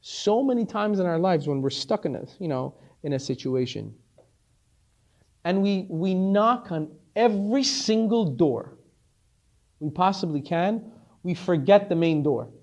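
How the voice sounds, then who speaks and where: A man, a rabbi, telling a story in a sermon, animated and repeating words as he stresses them. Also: high-pitched, unhurried.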